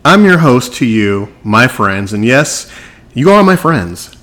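A man's voice: mid-range voice, big pitch swings, slow pace, a bit bright. A man hosting a podcast, chatting casually and playfully, joking with his audience and his guest. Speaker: podcast host.

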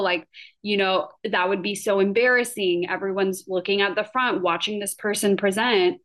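A woman's voice: medium pitch, fairly even intonation, normal speed, fairly bright tone. A woman in her thirties telling a personal story in a casual vlog, chatty and full of fillers. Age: 30s. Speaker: vlogger.

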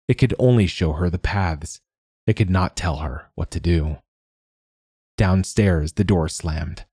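A man narrating a fantasy story in a measured storytelling manner. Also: sits low, warm tone, breathy edge, no room sound, studio quality. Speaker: audiobook narrator. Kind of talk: scripted narration.

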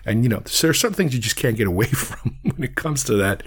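A man's voice: medium pitch, lively intonation, fast talker, slightly rough. A man from New York talking casually about films, wandering off on tangents and often restarting his sentences. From Queens, New York. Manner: digressive, restarts thoughts often. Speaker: film reviewer. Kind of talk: casual film commentary.

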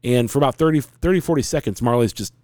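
A man's voice: mid-range voice, quick pace, darkish tone, dry recording. A man in his forties, hosting a podcast and earnestly telling a long, rambling personal story in casual conversation.

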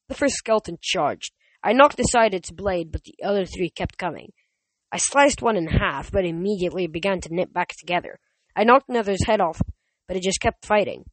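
Dry, steady first-person story reader. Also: mid-range voice, brisk, no echo, rough recording. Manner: steady storytelling with small slips and restarts. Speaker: audiobook reader.

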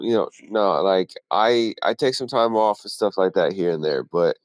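A man with a fairly low voice talks about his work on a podcast, laid-back and rambling, cursing freely. He speaks a little slowly, and the recording carries no room sound.

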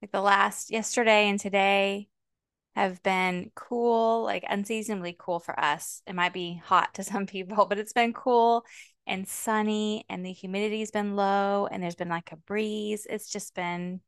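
Woman, forties, smooth clear voice, dry close sound, rambling chatty co-host. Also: mid-range voice, fairly even intonation, a little slow, fairly bright tone, dry recording. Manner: chatty, rambling, many ums. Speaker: podcast co-host. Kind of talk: casual chat.

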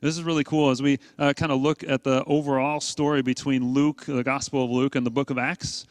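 A pastor preaches to his congregation in a conversational style, posing rhetorical questions and leaning hard on key points. His medium-pitched voice is flat in delivery and a little fast, recorded dry.

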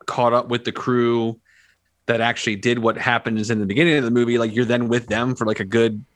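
A man speaks up warmly for a film in a casual panel discussion. He stammers and restarts as his enthusiasm builds. His voice sits at a middle pitch and sounds close and dry. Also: level tone, a little fast, no room sound.

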